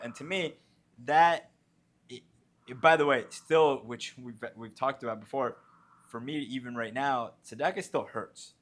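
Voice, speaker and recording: A man as a podcast guest, talking casually about giving, halting with many fillers. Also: medium pitch, a bit bright. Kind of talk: casual conversation.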